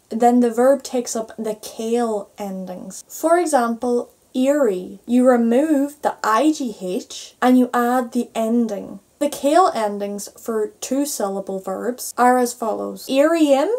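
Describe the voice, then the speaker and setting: A young woman with an Irish accent explains grammar at an unhurried, careful pace, in a fairly high voice. She spells things out letter by letter like a patient teacher. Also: darkish tone. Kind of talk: online grammar lesson.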